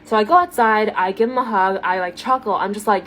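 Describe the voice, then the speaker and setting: A woman telling a date story in a chatty, animated way, using lots of fillers. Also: mid-range voice, fast talker, few pauses, slight background noise. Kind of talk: storytime to camera.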